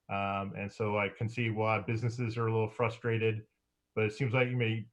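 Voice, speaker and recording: Mayor giving a halting council report. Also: male voice, mid-range voice, fairly bright tone. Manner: halting, many fillers, occasional laughs.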